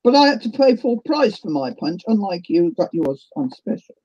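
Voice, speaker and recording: A woman's voice: medium pitch, sing-song, normal speed, dark tone, slightly rough, lo-fi sound. A middle-aged woman with a New Zealand accent, hosting a casual craft livestream and chatting with viewers as she works. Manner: chatty, greets viewers while working.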